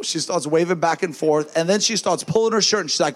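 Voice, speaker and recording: A man preaching as a minister, telling a lively testimony story and acting out the voices of the people in it, often with a laugh. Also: a little high, fairly quick. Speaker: traveling minister.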